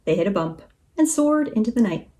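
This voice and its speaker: A woman teacher reads a children's storybook aloud, expressive and animated. Her voice sits in the mid-range, and she reads a little fast.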